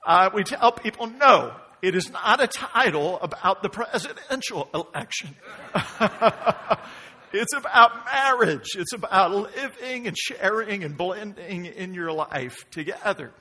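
Animated, high-pitched preacher man with husky voice. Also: measured pace. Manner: animated, repeats questions with rising emphasis. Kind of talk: sermon.

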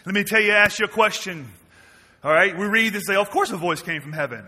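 Man, forties, pastor, high voice, sermon, quiet asides and loud questions, hall echo. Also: brisk. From Mississippi, US. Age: 40s. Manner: swings from quiet and low to loud and emphatic, asks the church questions. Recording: long reverb of a large hall.

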